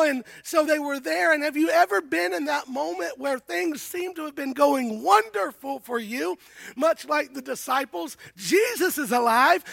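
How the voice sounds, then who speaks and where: A man preaching a lively sermon as a guest pastor, often shouting, with stammered restarts. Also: very high-pitched, gravelly, dry recording. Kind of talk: energetic sermon.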